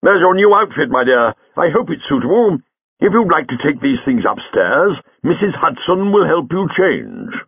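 A man doing a fussy, genial old gentleman. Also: a little high, very animated, moderate pace, creaky, slightly rough, dry recording, highs cut off, pitched above the performer's own voice, full character voice. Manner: bustling, fussy, gallant.

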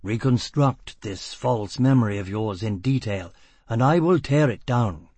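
A man voicing a calm, persuasive male doctor who speaks in a coaxing, clinical way. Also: medium pitch, measured pace, breathy edge, dry recording.

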